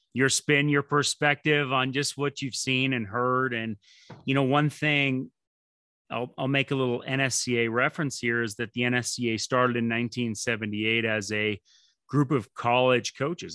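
A man's voice: medium pitch, bright, forceful tone, no echo. A man hosting a podcast, talking in an earnest, thoughtful way about coaching. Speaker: podcast host, strength coach. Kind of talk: casual podcast conversation.

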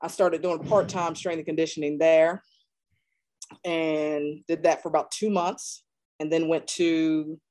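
Animated woman telling career stories. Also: a little slow. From North Carolina, USA. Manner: animated, acts out quoted dialogue with big pitch jumps. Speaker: strength and conditioning coach. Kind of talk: casual storytelling in an interview.

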